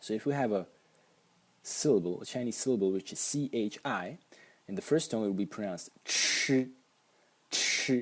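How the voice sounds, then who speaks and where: Husky-voiced man explaining pronunciation. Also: fairly low pitch, lively intonation, fairly quick, warm tone. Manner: patient, demonstrates sounds repeatedly. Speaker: language teacher.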